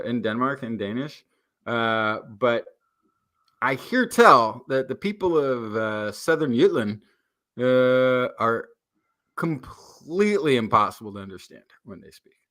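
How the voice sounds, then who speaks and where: A man co-hosting a science podcast, chatting casually in a rambling, animated way with many restarts. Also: medium pitch. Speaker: podcast co-host. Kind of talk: casual chat.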